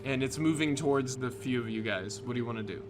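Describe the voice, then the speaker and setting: A man's voice: mid-range voice, fast talker, music in the background. A man narrating a tabletop game as game master in a loose way with plenty of fillers.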